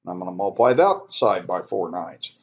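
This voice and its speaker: A man's voice: low-pitched, fairly quick. Man, math instructor, casual step-by-step lecture voice, slightly muffled lo-fi recording. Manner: relaxed, conversational, self-correcting, talks students through steps. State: yawning, sleepy.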